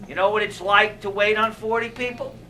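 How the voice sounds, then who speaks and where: A middle-aged male comedian works a theater crowd with a high, bright voice. He talks slowly and wryly, leaving deadpan pauses after each punchline, and faint room ambience sits underneath. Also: a little hiss or hum, poor audio. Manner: wry, deadpan delivery with long pauses for laughs. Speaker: stand-up comedian. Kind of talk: stand-up comedy routine. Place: theater stage.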